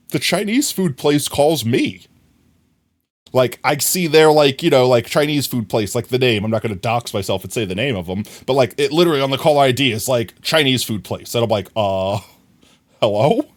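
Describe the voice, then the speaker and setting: Rambling man chatting to stream. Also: mid-range voice. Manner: rambling, animated, acts out voices in quotes. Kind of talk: casual storytelling to chat.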